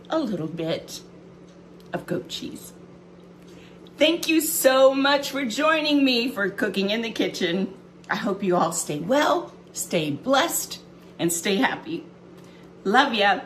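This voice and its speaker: A woman's voice: mid-range voice, a bit bright, slight background noise. A woman hosting a children's cooking show from her kitchen, chatting homily to the kids with plenty of ums as she demonstrates. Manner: chatty, homey, talks straight to kids with many ums. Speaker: library cooking show host. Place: home kitchen.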